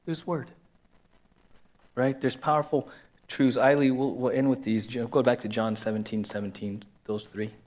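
A man's voice: medium pitch, level tone, normal speed, darkish tone. A man preaching a sermon as a pastor in a conversational way, repeating key phrases and acting out quoted voices.

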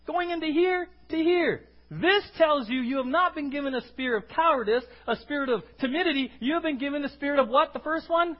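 A male pastor preaches an emphatic sermon in a very high voice, fairly quick and with hardly any pauses. He fires questions at the congregation for them to answer back in call-and-response style. The recording is dull and lo-fi.

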